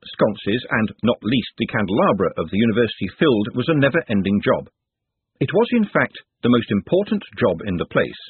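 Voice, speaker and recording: A man narrating a story in an expressive, wry storytelling manner. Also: on the low side, breathy edge, no room sound. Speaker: audiobook narrator. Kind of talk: scripted narration. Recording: tinny phone-like dry sound.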